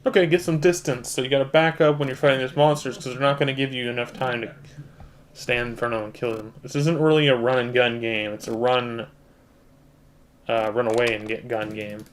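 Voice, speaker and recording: A man hosts a relaxed let's-play at his home computer, walking viewers through the controls in an easygoing, mid-range voice. He talks straight to his audience as he plays. Keyboard clicks sit behind his voice. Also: mid-range voice, quick pace, slight background noise. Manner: chatty, explains controls, talks to viewers as guys. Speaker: gaming channel host. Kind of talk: casual let's-play commentary.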